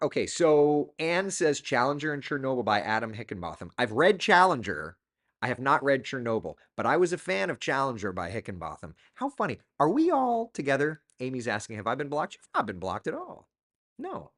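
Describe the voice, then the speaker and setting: A man's voice: mid-range voice, fairly bright tone. A middle-aged man hosting a casual live chat, reading out viewer comments and talking loosely about books. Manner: chatty, reads viewer comments aloud. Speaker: host.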